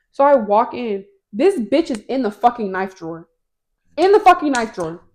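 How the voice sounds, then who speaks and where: A woman's voice: fairly high pitch, very animated, moderate pace, darkish tone. A young woman co-hosting a podcast, telling a story in casual chat with lots of slang and swearing. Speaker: podcast co-host.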